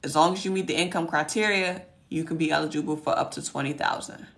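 A woman hosting a casual livestream Q&A. Her voice is hoarse and cracking, and she talks in a folksy, chatty way, muttering to herself as she looks for things. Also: low-pitched, fairly even intonation, quick pace, fairly bright tone. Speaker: host answering viewer questions.

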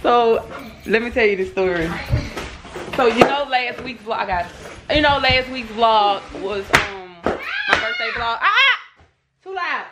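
A woman in her twenties talking in a casual unboxing vlog, excitable, breaking off to calm her kids. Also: on the high side, measured pace, very noisy. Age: 20s. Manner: excitable, shrieks and laughs, talks to her kids between sentences. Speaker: vlogger.

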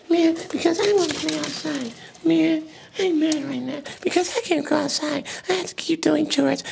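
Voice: sits high, vocal fry, slight background noise. A performer playing a sulky little boy who whines and complains about his chores in a comedic skit. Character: grumpy little boy stuck doing chores.

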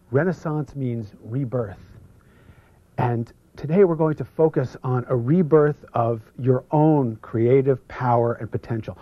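A man presenting an instructional seminar, energetically drawing out foreign terms for the audience to repeat and sometimes dropping to a hush. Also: medium pitch, no room sound. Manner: drops to a hush for some passages. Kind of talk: instructional seminar talk leading audience repetition. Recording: muffled lo-fi video recording.

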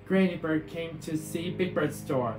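A man reading a picture book aloud in a steady way, with small slips. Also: a little high, a little slow. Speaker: storybook reader. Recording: echoey room with guitar music.

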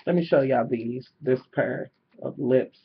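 A man's voice: mid-range voice, a little slow, creaky, slightly rough. A man chatting casually to camera in a vlog, swearing freely and venting in an exasperated way with lots of fillers, recorded indoors at home on a camera mic. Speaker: vlogger selling jewelry. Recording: dull lo-fi camera audio.

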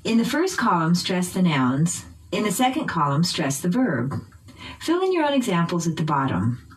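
A woman teaching English pronunciation, reading drills slowly with exaggerated stress. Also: fairly low pitch, sing-song, poor audio. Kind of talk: recorded pronunciation lesson.

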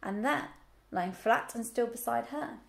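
A woman teacher reading a children's book aloud, telling the story clearly and expressively. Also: fairly high pitch, unhurried.

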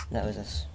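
A man giving let's play commentary, stammering and repeating himself as he gets excitable. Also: medium pitch, heavy background noise. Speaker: gaming channel host.

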